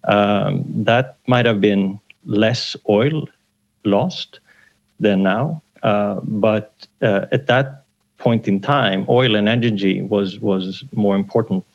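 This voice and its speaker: Male professor guest, gravelly and low, hesitant, lo-fi remote line. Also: slow pace. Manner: hesitant, many fillers and restarts. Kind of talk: remote radio interview.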